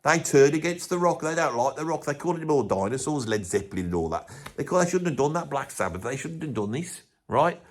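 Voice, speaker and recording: A man's voice: fairly high pitch, lively intonation, a little fast, few pauses. A man doing a grumbling Brummie rock bloke. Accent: Birmingham. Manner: rambling, swears often, scoffing. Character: blunt middle-aged Brummie man, grumpy opinionated rock fan. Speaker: comedy character host. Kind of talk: comic rant to camera.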